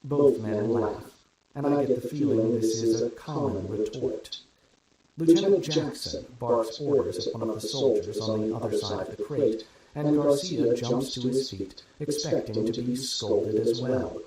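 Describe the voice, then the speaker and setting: A man narrating a first-person story at a steady, even storytelling pace. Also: mid-range voice, measured pace. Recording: very echoey room with crowd noise.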